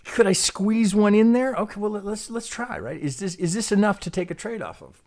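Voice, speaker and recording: Working through a chart, this man teaching trading second-guesses himself, repeats words, and keeps adding "right?" to his lines. His voice sits high with a darkish tone, and he speaks briskly and animatedly.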